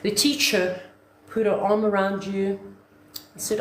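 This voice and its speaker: A woman, an online business coach giving an animated motivational talk that acts out little scenes. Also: medium pitch, unhurried, pauses often, reverberant, slight background noise. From South Africa.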